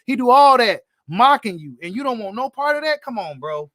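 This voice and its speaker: A man's voice: extremely high pitch, big pitch swings, normal speed, fairly bright tone, dry recording, clean studio sound. Blunt, slangy man talking boxing. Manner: blunt, slangy, repeats himself. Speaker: boxing commentator host. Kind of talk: casual live-stream commentary.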